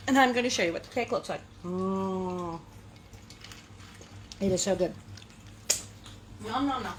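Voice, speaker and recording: A woman's voice: on the high side, animated, slow, long pauses, background noise. Playful, chatty woman hosting a cooking show. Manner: playful, chatty, sing-song asides. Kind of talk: casual cooking demonstration. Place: kitchen.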